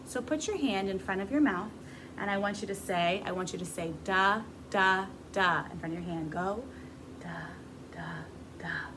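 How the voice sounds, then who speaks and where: A woman's voice: medium pitch, moderate pace, noisy background. Woman teaching a beginner music lesson. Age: adult. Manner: patient, encouraging, demonstrating.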